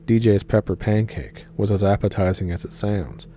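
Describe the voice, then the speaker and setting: A man narrating a viewer's story aloud with a wry, deadpan delivery. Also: fairly low pitch, normal speed, a little hiss or hum.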